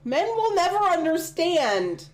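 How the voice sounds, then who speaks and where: A woman's voice: very high voice, very animated, takes it slowly. A woman in casual chat beside a game stream, talking emphatically and laughing as she insists on her point.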